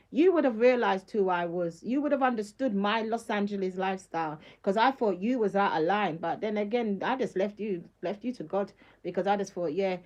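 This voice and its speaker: A woman's voice: mid-range voice, highs cut off. A middle-aged woman, talking on a casual live stream in an emphatic, slangy way and laughing often.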